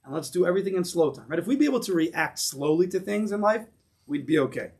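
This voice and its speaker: A man with an American accent teaching a Torah class to a congregation in a synagogue, speaking in an animated way and asking his listeners rhetorical questions. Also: high-pitched, fast.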